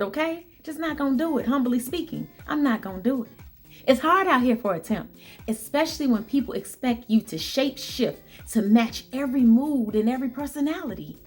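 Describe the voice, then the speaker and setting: A woman's voice: fairly high pitch, a little mellow. A bubbly, upbeat woman telling viewers a workplace story, repeating phrases for emphasis and talking straight to them. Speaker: vlogger telling a work story. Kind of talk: storytelling monologue.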